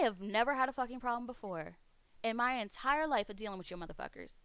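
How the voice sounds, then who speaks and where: A woman's voice: fairly high pitch, animated, quick pace, fairly bright tone, smooth, no room sound. A woman streamer chatting casually, swearing freely as she rants. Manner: profane, ranting. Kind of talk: casual chat. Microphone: streaming mic.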